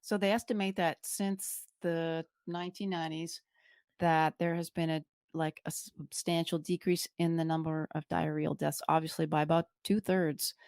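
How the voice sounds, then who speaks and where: A woman's voice: deep voice, level tone, normal speed, a little mellow, no room sound, studio quality. A woman co-hosting a podcast, explaining things in a chatty, informative way with filler words. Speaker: podcast co-host. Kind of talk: casual chat over drinks.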